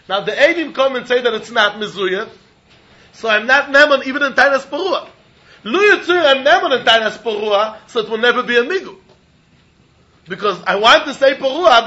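Male Talmud teacher, high bright voice, animated and questioning, dull lo-fi recording. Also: fairly quick. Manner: animated, questioning, mixes Yiddish phrases into English. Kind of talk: Talmud study lecture.

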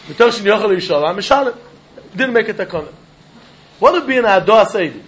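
A man teaching a Talmud class, animated and questioning, mixing in Yiddish and Hebrew terms. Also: high-pitched, brisk, muffled recording.

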